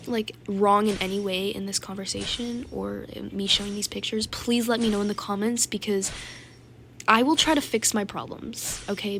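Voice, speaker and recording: A woman's voice: medium pitch, vocal fry, a bit bright, slight background noise. A woman telling a casual storytime vlog about a game, chatty and filler-heavy, acting out the dialogue she quotes. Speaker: gaming YouTuber.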